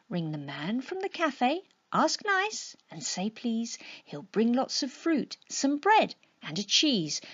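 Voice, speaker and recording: A woman voicing a calm, kindly female llama who reassures her friend in a soft half-whisper, in a bedtime storybook reading. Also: medium pitch, breathy edge, lo-fi sound, exaggerated voice.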